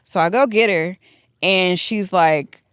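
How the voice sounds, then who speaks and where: A woman with a fairly low voice tells a long personal story in a casual, animated way. She acts out the back-and-forth dialogue as she goes, and her voice sounds close and dry. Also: slow, clean tone, dry recording.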